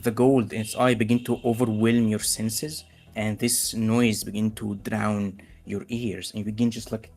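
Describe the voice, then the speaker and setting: A man narrates a tabletop game as game master. His voice sits a bit low, and he pauses often with fillers. Faint music plays underneath. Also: gravelly, slightly rough. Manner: halting, many fillers and restarts.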